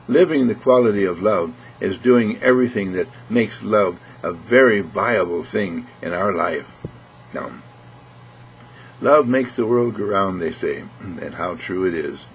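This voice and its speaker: A man giving an earnest inspirational spiritual talk, repeating phrases and often clearing his throat. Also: low-pitched, unhurried, slight background noise, rough recording. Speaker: spiritual speaker.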